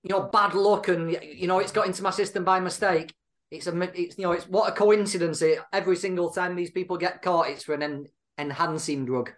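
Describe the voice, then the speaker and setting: Male pundit, high voice, chatty, wry. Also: steady tone, a little fast, fairly bright tone. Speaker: panel pundit. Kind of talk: casual panel discussion.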